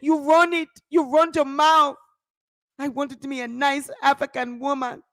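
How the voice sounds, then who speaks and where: A woman putting on the voice of an adult husband, frantic and shouting, repeating his scolding lines. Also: high voice, flat delivery, unhurried, no room sound. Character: panicking, furious scolding husband, adult man.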